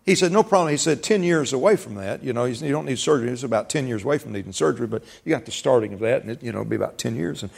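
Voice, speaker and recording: A man's voice: mid-range voice, racing, creaky, hardly any pauses, a little mellow, breathy edge. A man preaching a sermon as pastor, folksy, repeating words and rising for emphasis.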